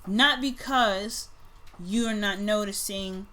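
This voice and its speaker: Speaking slowly in a mid-range voice, a tarot reader casually reads cards for her audience. Her delivery is blunt and full of swearing, shifting between quiet musing and loud outbursts.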